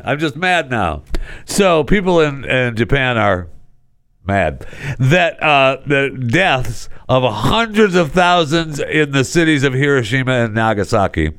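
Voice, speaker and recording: A man's voice: medium pitch, fairly bright tone, dry recording, clean studio sound. A man hosting a talk show, ranting sarcastically about the news, often tripping over his words and restarting. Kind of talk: casual talk-show commentary.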